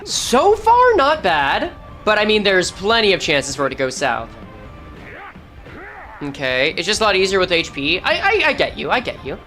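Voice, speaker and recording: A woman's voice: medium pitch, wildly swooping pitch, normal speed, a bit bright, faint music behind. A woman streamer giving casual gameplay commentary, thinking aloud and correcting herself as she goes. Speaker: game streamer.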